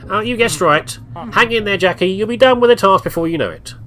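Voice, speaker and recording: A man's voice: high-pitched, animated, a little fast, a bit bright, voice pushed up. A man voicing an upbeat, pushy male office manager in a game, reading his lines in a chirpy, falsely encouraging tone.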